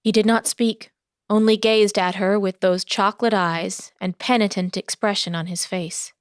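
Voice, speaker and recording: A woman narrating a historical novel audiobook in a steady storytelling voice. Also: medium pitch, normal speed, smooth, no echo, clean studio sound.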